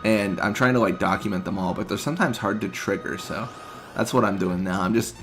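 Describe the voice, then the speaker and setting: Low-ish guy chatting while he plays a game, loose and rambly, game music faint underneath. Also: brisk. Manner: relaxed, rambling, full of filler words. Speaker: streamer playing a video game. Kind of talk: casual live-stream chat.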